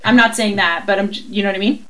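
A woman co-hosting a casual chat, teasing her co-host and laughing often in quick banter. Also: medium pitch, a bit bright. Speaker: podcast co-host.

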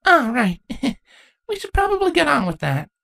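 A woman's voice: high-pitched, wildly swooping pitch, moderate pace, creaky, fairly bright tone, voice pushed up, full character voice. A woman voicing a young, studious female changeling princess who sounds eager and curious, in a fan fiction reading.

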